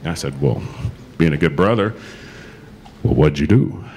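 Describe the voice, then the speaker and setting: With an expressive bass voice and a darkish tone, a middle-aged law lecturer speaks at normal speed during a relaxed, humorous conference talk before a live audience. In the conference hall, he regularly acts out the lines he's quoting.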